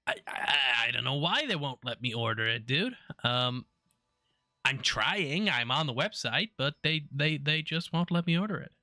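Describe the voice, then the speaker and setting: Male streamer, blunt and profane, bright voice, dead-dry mic. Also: fairly high pitch, expressive, moderate pace, dry recording. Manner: cursing, exasperated, repeats himself. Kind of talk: casual stream chat.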